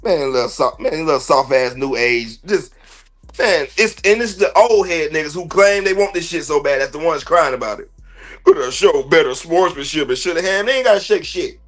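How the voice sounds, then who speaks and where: A man's voice: fairly high pitch, expressive, normal speed, fairly bright tone, faint music behind. A man hosting a sports podcast livestream, ranting bluntly and profanely in heavy slang. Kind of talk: heated livestream sports rant.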